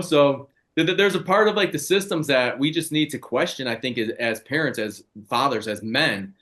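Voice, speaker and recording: A man's voice: mid-range voice, moderate pace, hardly any pauses, a bit bright. Man, forties, swearing a lot, casual podcast chat, blunt storytelling. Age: 40s. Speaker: podcast co-host.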